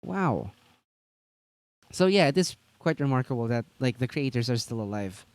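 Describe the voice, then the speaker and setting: A man's voice: mid-range voice, animated, moderate pace, dry recording. A man co-hosting a tabletop gaming news stream, chatting casually and rambling with lots of fillers and restarts.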